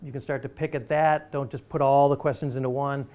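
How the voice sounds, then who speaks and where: A man's voice: mid-range voice, level tone, brisk, a little mellow. A man giving a public lecture to an audience, talking in an emphatic, conversational and persuasive way. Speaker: university lecturer.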